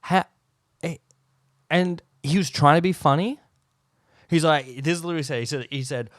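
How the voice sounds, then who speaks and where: A young Australian man hosting a casual solo podcast, rambling and animated and swearing often, talking close to the microphone. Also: fairly high pitch, moderate pace, pauses often, no echo. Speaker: podcast host. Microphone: close podcast mic.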